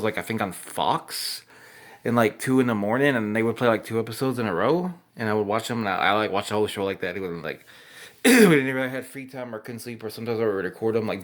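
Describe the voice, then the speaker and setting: Drunk man rambling over old commercials. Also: fairly low pitch. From Texas. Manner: rambling, swearing, laughing often. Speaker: host reacting to old commercials.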